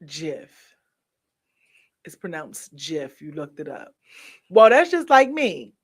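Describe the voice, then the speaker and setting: A woman hosting a casual live stream chat, playful and laughing often, her voice swinging between loud and soft. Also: deep voice, very animated, slow.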